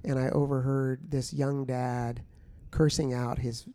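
A man's voice: medium pitch, level tone, measured pace, dark tone, no echo. A man co-hosting a casual, faith-based podcast chat, earnest and easygoing, with filler words. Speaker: podcast co-host.

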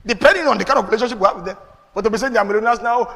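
Animated Nigerian preacher, high voice. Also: male voice, rapid-fire, in a large hall. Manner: animated preaching with pidgin asides and laughs. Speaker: pastor. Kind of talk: sermon. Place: church.

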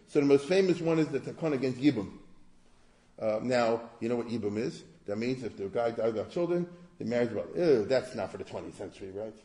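A man gives an informal history lecture, conversational and digressive, often asking rhetorical questions. His voice is mellow. The room gives noticeable echo. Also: mid-range voice.

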